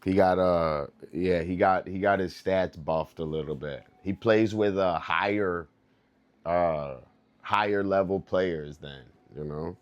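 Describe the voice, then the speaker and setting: A man's voice: deep voice, takes it slowly, smooth, highs cut off. A young man livestreaming in loose, rambling casual chat, laughing often and calling his viewers dude and bro.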